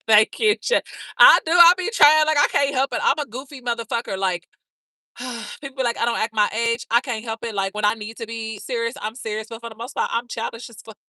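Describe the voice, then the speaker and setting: A woman with a bright, forceful voice, a little high, trash-talking and gossiping on a live stream. She is brash and profane and keeps calling the viewers girl, baby and honey. Her voice sounds close and dry. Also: a little fast, dry recording. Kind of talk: casual chat with viewers.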